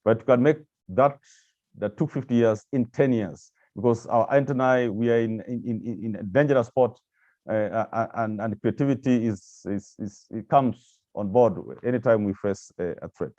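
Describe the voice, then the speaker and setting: A man's voice: medium pitch, normal speed, dark tone, no echo, lo-fi sound. A man giving a presentation with slides to staff of agencies, speaking hesitantly with many repeated words and fillers. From Kenya.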